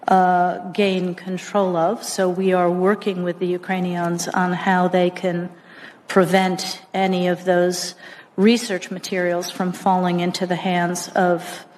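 A woman official answering a senator's questions in a hearing, speaking in a measured, careful way. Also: fairly low pitch, flat delivery, darkish tone, a little hiss or hum. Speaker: government official testifying. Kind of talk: hearing testimony. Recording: archive hearing audio in a reverberant room.

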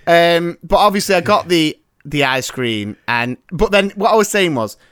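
A man in his thirties tells an animated anecdote as a podcast host, his voice sitting a bit high for a man. The sound is dry and close, with hardly any room around it. He talks in a lively, conversational way. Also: moderate pace, smooth, no echo. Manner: animated storyteller. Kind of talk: casual chat. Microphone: remote call.

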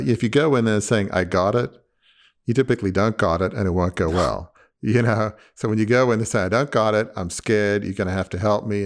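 A man hosting a podcast interview, talking in an earnest, emphatic way and repeating his key points. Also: lowish voice. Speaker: podcast host. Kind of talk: conversational interview.

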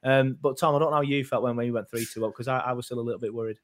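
A man's voice: mid-range voice, steady tone, rapid-fire. A man hosts a casual fan podcast in a mid-range voice. He rambles, stops and restarts his sentences, and fills the gaps with ums. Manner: rambling, hesitant, many fillers and restarts. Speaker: podcast host.

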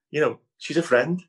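A man from Liverpool, England, whose voice is a little high and breathy, speaks with a Scouse accent as an improv comedy guest in a laid-back video-call interview. The rough recording catches him rambling, restarting, using many fillers, and laughing easily.

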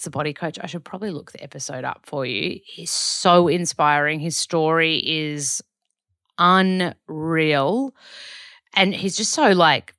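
A woman's voice: low voice, fairly bright tone, no echo, studio quality. An Australian woman hosting a podcast, chatting casually through a weekly diary and often correcting herself. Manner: chatty, rambling with self-corrections. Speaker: podcast host.

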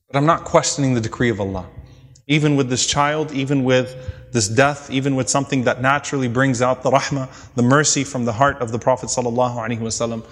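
A male preacher telling religious stories in a lecture, quoting Arabic lines and then explaining them in English. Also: medium pitch. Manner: retells stories with quoted Arabic and English glosses. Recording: long hall reverb.

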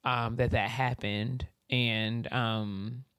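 A woman co-hosting a casual podcast chat, telling stories in an animated way. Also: extremely low pitch, extremely slow, smooth, dry recording, clean studio sound. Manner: animated storyteller. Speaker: podcast co-host.

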